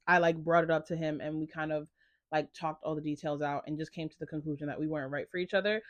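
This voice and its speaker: A young woman and content creator talking in a casual confessional vlog, animated and chatty, full of "like.". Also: lowish voice, dry recording. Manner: chatty, animated storytelling with lots of "like".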